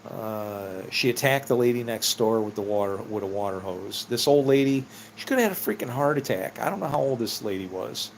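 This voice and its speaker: A man's voice: lowish voice, expressive, fairly quick, hardly any pauses, slight background noise. A middle-aged man telling rambling personal stories in a casual, meandering way, laughing often and swearing freely. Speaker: vlogger.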